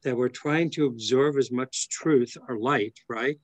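A man's voice: medium pitch, unhurried, no room sound. A man in a study group reading a passage aloud and then reflecting on it over a video call. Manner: thoughtful, reads aloud then muses.

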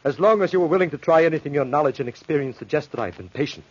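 A man's voice: fairly high pitch, expressive, rapid-fire, breathy edge. An actor playing a desperate, devoted husband who pleads earnestly for his dying wife in a 1940s radio play, on a dull old broadcast recording. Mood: pleading.

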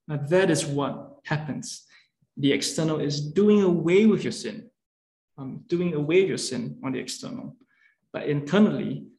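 A man's voice: on the high side, a little mellow. A man preaching an earnest lunchtime sermon, explaining step by step with fillers and restarts. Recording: echoey room.

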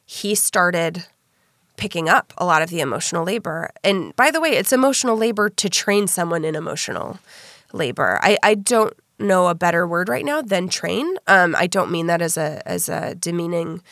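A woman hosting a casual chat, animated and candid, swearing freely. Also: fairly low pitch, moderate pace, no room sound, clean studio sound.

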